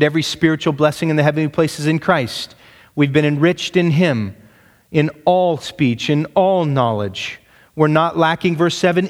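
A male pastor delivers a sermon with emphasis, raising his pitch to drive points home and putting rhetorical questions to the congregation. The recording carries a long reverb tail.

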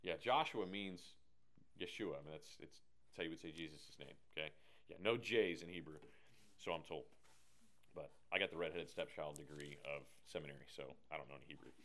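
Energetic, joking Bible teacher, a man. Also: a bass voice, a little fast.

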